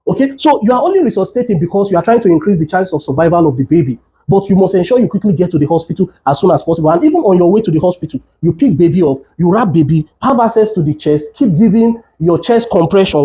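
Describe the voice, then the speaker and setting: Speaking fast with a lively intonation and barely pausing, this man has a high, dark-toned voice. He's a doctor doing health education, showing caregivers what to do while urgently repeating his warnings.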